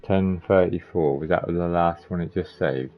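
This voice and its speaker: A man's voice: low voice, normal speed, faint music behind. A man streaming a video game live, rambling casually and chatting to his viewers by name. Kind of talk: casual live gameplay commentary. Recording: slightly muffled lo-fi stream audio.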